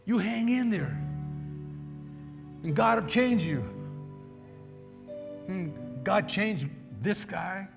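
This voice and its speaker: Man, preacher, exhorting sermon, high voice, long hall reverb. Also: animated, very slow, gravelly, pauses often, over music. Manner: emphatic, exhorting, calls for amens.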